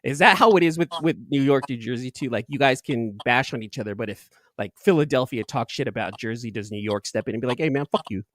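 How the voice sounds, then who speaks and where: A man from Northern California hosting a casual livestream, animated, laughing often, and restarting sentences as he goes. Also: mid-range voice, fast, few pauses, no echo, studio quality. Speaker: livestream host. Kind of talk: casual chat.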